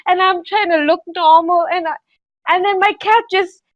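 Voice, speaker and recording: A woman on a podcast telling a rambling story in casual chat, animated and giggly with lots of fillers. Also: very high-pitched, moderate pace, no room sound, lo-fi sound. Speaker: podcast co-host.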